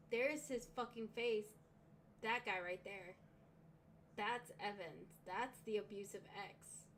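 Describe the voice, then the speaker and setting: A woman's voice: mid-range voice, slight background noise. A young woman hosting a livestream reaction, talking emotionally and swearing often, with sighs. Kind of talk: casual reaction commentary.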